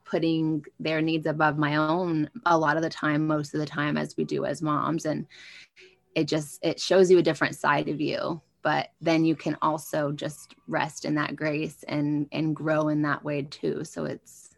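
A woman, a mother, talking calmly and reflectively in a casual faith chat. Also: deep voice, unhurried, gravelly, dry recording.

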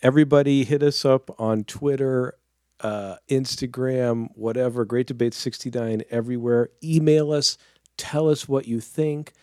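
A man's voice: mid-range voice, fairly even intonation, moderate pace, a little mellow, smooth, no echo, studio quality. A man moderating a casual podcast, playful and teasing as he questions each panelist in turn.

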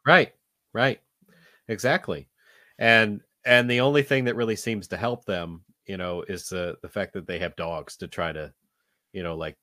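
A low-pitched man chatting casually on a podcast, meandering through his thoughts with lots of "you know" and restarts. His voice is recorded close and dry, with no room sound. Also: bright, forceful tone, no echo. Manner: rambling, many fillers and restarts. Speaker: podcast co-host. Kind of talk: casual movie discussion.

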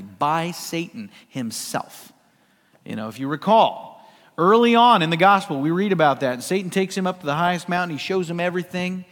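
A middle-aged male pastor from the US West Coast gives a conversational sermon, swinging between loud and hushed delivery. His voice is slightly high and sounds like it's in a large hall.

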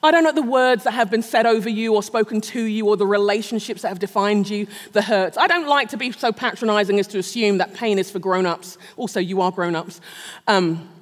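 A woman's voice: medium pitch, brisk. A middle-aged woman preaching a sermon, telling a personal story with self-mocking humor and frequent laughter. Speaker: speaker at a Christian gathering. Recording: long reverb of a large hall.

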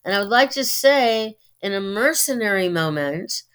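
A middle-aged woman with a Californian Valley accent, talking earnestly as an interview guest, with many pauses and fillers. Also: medium pitch, lively intonation, a bit bright, clear, resonant tone. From United States. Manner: earnest, opinionated, halting with fillers. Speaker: guest, actress and writer. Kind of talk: interview conversation.

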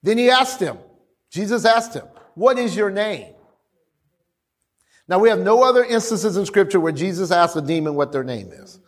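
A man preaching a sermon in an animated, conversational way, with laughing asides. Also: high voice, a little fast.

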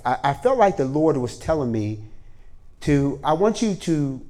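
A man preaching a sermon to a congregation in a church, moving from quiet prayer to energetic storytelling. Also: on the high side, a little slow. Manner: starts with hushed prayer, then lively storytelling with voiced characters. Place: church hall before a congregation.

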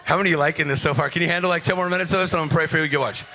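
A man's voice: on the high side, fairly even intonation, rapid-fire, bright, forceful tone, slight background noise. A man preaching a rousing, joking sermon at a conference, with a sing-song delivery and frequent calls to the crowd. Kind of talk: energetic sermon. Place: conference stage.

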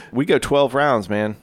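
A man co-hosting a podcast, telling a tall tale in a laid-back, deadpan way and chuckling between lines. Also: medium pitch, a little hiss or hum. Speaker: podcast co-host. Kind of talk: casual chat, deadpan tall-tale storytelling.

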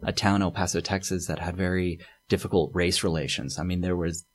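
A man speaking as an anthropologist guest in a relaxed interview, thoughtful and hesitant with many fillers and restarts. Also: sits low, fairly quick. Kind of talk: casual interview talk.

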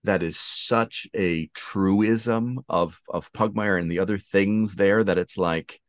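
A man with a very deep voice hosts a relaxed conversation. The sound is dry and close, with no room around it. He speaks in an easy, affirming way. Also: slow, smooth, no room sound. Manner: relaxed, affirming, plugs a crowdfunding campaign. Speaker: podcast host. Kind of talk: casual interview chat.

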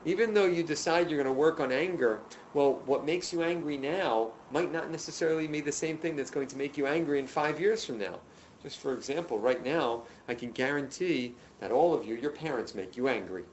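A man teaching a class, telling stories in an animated, emphatic way and addressing the students directly. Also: a little high, a little fast, dull audio, a little hiss or hum. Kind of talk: lecture to a class. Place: room with students.

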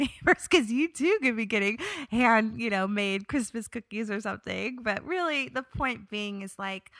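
A young woman with a bright, ringing voice tells a story from her own life on her podcast, lively when she acts out what she said and softer when she reflects. She is recorded up close in a dry, dead room. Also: medium pitch, dry recording. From New York area. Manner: expressive, animated when quoting herself, reflective. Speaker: podcast host. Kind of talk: personal storytelling monologue.

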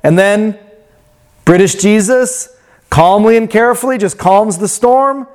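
A man preaching a sermon in a reflective way that turns animated when he tells a story. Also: sits high, unhurried. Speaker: pastor.

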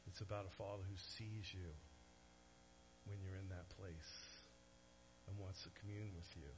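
A man preaching a sermon in an animated way, swinging from soft to loud, with conversational asides to the audience. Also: low-pitched, moderate pace, background noise. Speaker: pastor.

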